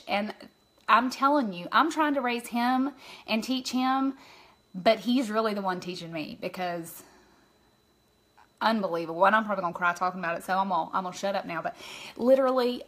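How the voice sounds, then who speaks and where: A woman's voice: a little high, moderate pace, fairly bright tone. A woman hosting a casual makeup live stream, chatting openly and greeting her viewers by name as she goes. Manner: emotional, open about feelings.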